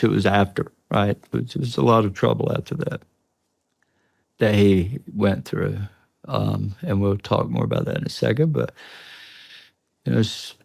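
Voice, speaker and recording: Male podcast guest, low fry-edged voice, dry studio sound, tense and earnest retelling. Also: a little mellow, no room sound. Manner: earnest, tense storytelling, breaks off and restarts. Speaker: interview guest. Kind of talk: recounting a personal experience in a podcast interview. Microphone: studio podcast mic.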